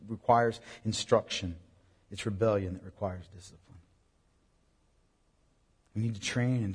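Guy preaching to parents, husky voice, earnest and pushy, big echoey hall. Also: mid-range voice, darkish tone. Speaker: pastor. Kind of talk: sermon. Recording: long hall reverb.

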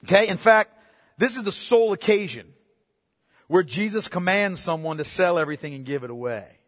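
A man preaching a sermon as pastor, swinging between loud emphatic bursts and hushed asides. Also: sits high, animated, brisk, big-room sound.

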